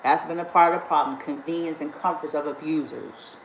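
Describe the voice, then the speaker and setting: A woman's voice: deep voice, fairly even intonation, a little fast, echoey room, a little hiss or hum, rough recording. A woman speaking as a spiritual healer in a casual vlog, blunt, indignant and emphatic, and she swears freely.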